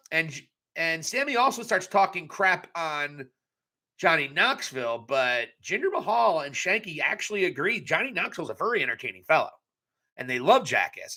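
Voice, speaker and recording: A man's voice: a little high, pushed and bright. A young adult man giving a casual live recap of a wrestling show, blunt and profane with joking asides.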